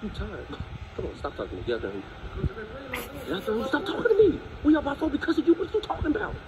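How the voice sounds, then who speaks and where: A loud, pushy male basketball coach, played by a man in a comedy sketch, who nags his player in a high voice that jumps all over. He fires his words off fast over a crowd of noise. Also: huge pitch swings, heavily acted, rough recording. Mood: badgering. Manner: rapid, badgering, shouting.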